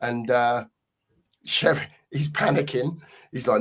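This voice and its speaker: A man's voice: mid-range voice, unhurried, long pauses. A man co-hosting a casual fan chat show, matey and rambling, full of fillers. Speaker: podcast co-host.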